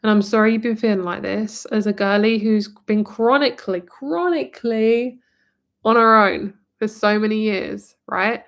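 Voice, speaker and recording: A woman's voice: medium pitch, little pitch movement, normal speed, hardly any pauses. Chatty English woman reading tarot live. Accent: southern English. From England, near London. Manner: chatty and rambling, full of "like" and "um", calls the viewer "my lovely" and "girl". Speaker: tarot reader. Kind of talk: live-stream tarot reading, talking to viewers.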